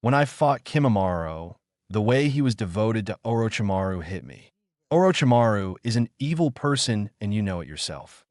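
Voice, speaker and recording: Quiet monotone sand-fighter girl in a fanfic story, man reading her lines, lowish flat voice. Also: normal speed, dry recording, studio quality. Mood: earnest. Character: calm young female sand fighter, monotone.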